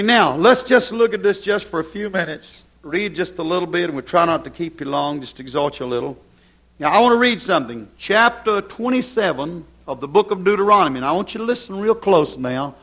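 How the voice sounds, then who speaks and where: A man preaching a fervent sermon and reading scripture aloud, with rising and falling emphasis. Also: a little high.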